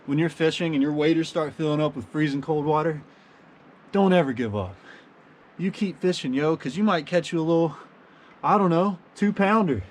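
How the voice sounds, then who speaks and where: A man's voice: fairly high pitch, moderate pace, slight background noise. A man vlogging outdoors at a winter creek, soaked and cold, talking casually with lots of dude and yo. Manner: excitable, slangy, says yo and dude. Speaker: fishing vlogger.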